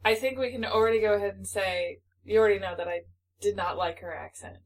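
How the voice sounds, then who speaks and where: A woman's voice: mid-range voice, fairly even intonation, quick pace, low-quality recording. A woman co-hosting a book podcast, chatting casually in playful, joking banter. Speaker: podcast co-host. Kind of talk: casual chat.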